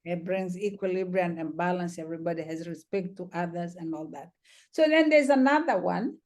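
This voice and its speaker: Mellow-voiced woman healer, gentle and reflective. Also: fairly low pitch, brisk. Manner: gentle, reflective, many "you know"s. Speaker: trauma healer, interview guest. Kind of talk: conversational storytelling.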